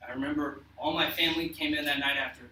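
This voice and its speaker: Young man, earnest storyteller, fairly high bright voice, recorded far off in an echoey room. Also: fairly even intonation, slight background noise. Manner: earnest and emotional, with halting restarts. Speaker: speaker telling a personal story to an audience. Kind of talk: spoken personal storytelling.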